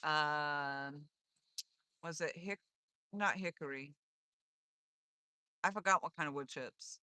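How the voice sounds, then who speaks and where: A woman's voice: deep voice, slow, pushed and bright, smooth, dry recording, studio quality. A woman hosting a casual live stream from a lake dock, chatting and reading viewer comments aloud with playful wordplay. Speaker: livestream host.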